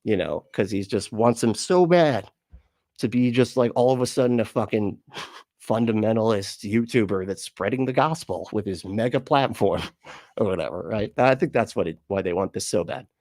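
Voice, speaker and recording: Laid-back swearing man, low voice. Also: moderate pace, a little mellow, dry recording, clean studio sound. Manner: rambling, laughs often, swears casually. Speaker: livestream host reading chat. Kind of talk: casual livestream chat.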